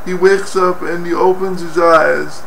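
A man hosting a joke of the day, telling the joke in a halting way with many fillers and restarts. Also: high voice, fairly even intonation, vocal fry, fairly bright tone. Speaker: joke teller, host. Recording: roomy, distant mic, faint hiss.

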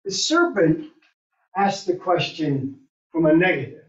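In a church classroom, a woman leads an adult Sunday school class, asking the group questions and thinking aloud. Her lowish voice is animated, her pace measured with long pauses, and the recording sounds roomy, distant and dull.

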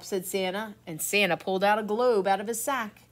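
A middle-aged woman, a teacher reading a picture book aloud to children, expressive and full of surprise. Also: fairly low pitch, normal speed, hardly any pauses. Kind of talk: children's read-aloud storytime.

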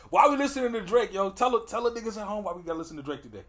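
A man's voice: high voice, big pitch swings, very fast, a bit bright. A man hosting a music reaction video, chatting casually in a playful, laughing, slangy way.

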